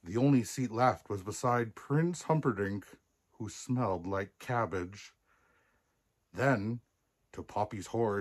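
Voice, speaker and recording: An older man in the role of Santa, reading a children's picture book aloud. He takes his time over each line and chuckles easily, in a mid-pitched, everyday voice. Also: expressive. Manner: unhurried, chuckling storyteller. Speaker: Santa storyteller.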